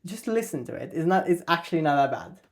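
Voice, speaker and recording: Relaxed man hosting a podcast. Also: on the high side, fast. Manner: relaxed, friendly, hesitant with fillers. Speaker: podcast host. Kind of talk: casual interview chat.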